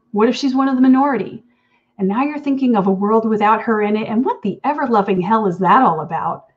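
A woman's voice: on the high side, dull audio. A woman author reading her own story aloud in an intimate, wry second-person voice. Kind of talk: reading fiction aloud at an online event.

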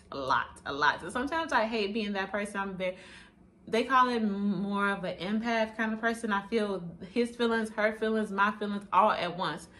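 A woman's voice: medium pitch, a little hiss or hum. A woman in her twenties talking casually to camera in a vlog, sassy and blunt, with plenty of swearing. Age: 20s. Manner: sassy, blunt, profane, animated. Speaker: vlogger.

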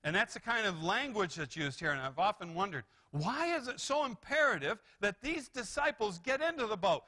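Male pastor, sermon delivery; bright, slightly high voice, animated, restarts phrases. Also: brisk, hardly any pauses. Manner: animated preaching with rises and repeated restarts. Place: church sanctuary.

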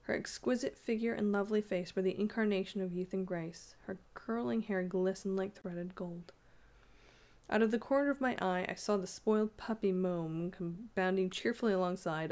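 A woman narrating a classic ghost story aloud in a steady, measured way. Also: medium pitch.

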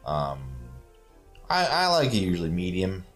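Male gamer co-host, low voice with lively pitch, relaxed banter, swears freely. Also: unhurried, soft background music. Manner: laid-back, swears a lot, trails off with ums. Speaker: let's play co-host. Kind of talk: casual gameplay banter.

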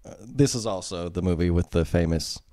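Young male co-host, wry and jokey, low voice, dry close recording. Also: a little fast, warm tone, dry recording. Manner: wry, jokey, acts out quotes. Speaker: podcast co-host. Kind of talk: casual chat.

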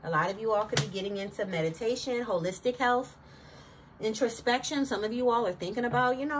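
A woman's voice: on the high side, fairly quick. A woman giving a casual tarot reading, sassy and slangy, talking straight to her viewers. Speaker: tarot reader. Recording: distant mic with clear background noise.

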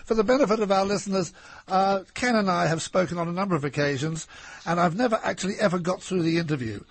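Husky Australian-born radio interviewer. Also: male voice, high-pitched, fast. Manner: tries to steer the chat, laughs along. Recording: old radio broadcast recording.

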